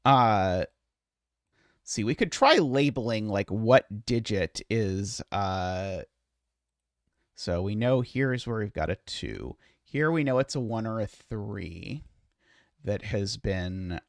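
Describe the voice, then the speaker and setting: A man streaming a puzzle solve, thinking aloud in a hesitant, muttering way with many filler pauses. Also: fairly low pitch, dry recording, clean studio sound.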